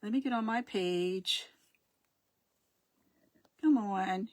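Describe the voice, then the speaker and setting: A woman's voice: medium pitch, drawn-out words, darkish tone. A middle-aged woman hosting a casual live craft stream, rambling and chatty, often losing her words and greeting her viewers.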